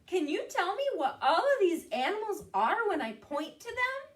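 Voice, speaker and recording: A woman, a children's librarian, leading an animated storytime guessing game for kids. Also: very high voice, normal speed.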